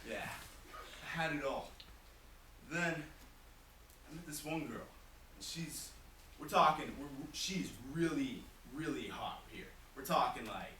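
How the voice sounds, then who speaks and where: A man's voice: on the high side, bright, forceful tone. A teenage boy doing a goofy, boastful comic monologue at a talent show, breaking into shrieking impressions. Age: teens. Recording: echoey room from far off, hissy noise.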